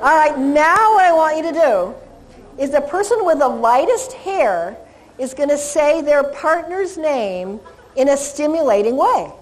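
Lively woman teaching a seminar. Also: a little slow, rough recording. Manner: animated, laughing, sings dog names in a high voice. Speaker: dog training instructor. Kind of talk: seminar lecture to a live audience.

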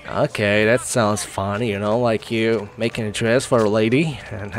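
A man's voice: lowish voice, fairly even intonation, measured pace. A man hosting a casual let's-play, chatting, thinking aloud and laughing often as he plays. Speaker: gaming channel host.

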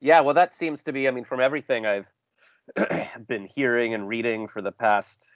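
A man's voice: mid-range voice, normal speed, no echo. A chatty man hosts a casual interview, rambling and poking fun at himself. His voice sits mid-range and sounds dry and close. The call audio is dull and lo-fi. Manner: chatty, self-deprecating, rambling with restarts. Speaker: podcast host.

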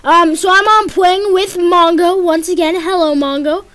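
A woman giving casual let's-play commentary as she plays, excitable and yelping and pleading whenever danger strikes. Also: extremely high pitch, normal speed. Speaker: gameplay commentator.

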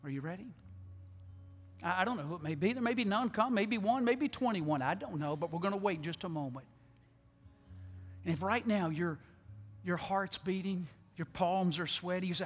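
A man preaching an altar call to a large church, pleading, repeating words, and swinging from loud appeals to hushed tones. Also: high voice, normal speed, long pauses, breathy edge, soft background music. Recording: long church hall reverb.

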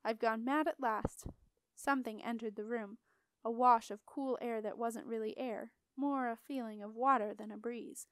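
A woman reads a fantasy chapter aloud with steady expression, her voice fairly high and smooth. The recording is close and completely dry, with no room sound. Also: moderate pace, dry recording. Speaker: audiobook narrator. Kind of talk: storybook narration.

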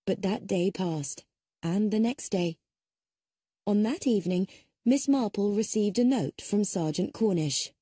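Warm, breathy woman narrating a story. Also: medium pitch, unhurried, no room sound, studio quality. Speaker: audiobook narrator.

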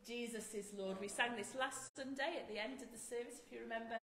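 A woman leading a church service who gives an earnest, measured sermon and then prays aloud. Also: fairly high pitch, fairly even intonation, fairly bright tone. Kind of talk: sermon and spoken prayer. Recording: echoey church room.

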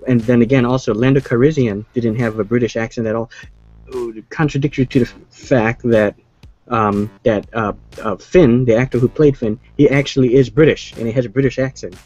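Rambling male movie-chat host, mid-pitched, muffled lo-fi recording, faint music under him. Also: steady tone, fairly quick, darkish tone. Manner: rambling, restarts a lot, many fillers.

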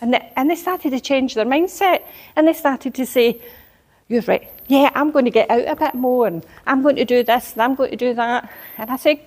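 A woman's voice: sits high, normal speed, darkish tone. A woman preaching a sermon, telling a personal story and building into emphatic exhortation.

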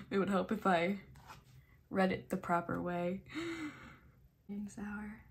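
A young woman with a nasal voice, chatting casually while unboxing her mail, excitable, gushing and swearing freely. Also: mid-range voice, unhurried, gravelly, pauses often, a little hiss or hum. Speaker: kpop photocard collector vlogger.

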